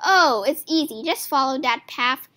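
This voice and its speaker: A woman's voice: high-pitched, lively intonation, normal speed, a bit bright. A woman voicing a smirking, falsely helpful male innkeeper mouse in a storybook reading. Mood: sly.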